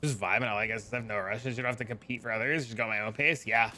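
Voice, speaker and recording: A man's voice: medium pitch, fairly even intonation, very fast, bright, forceful tone, a little hiss or hum. A man streaming a game, chatting casually in a laid-back, profane, rambling way full of fillers. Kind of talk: casual live-stream chat.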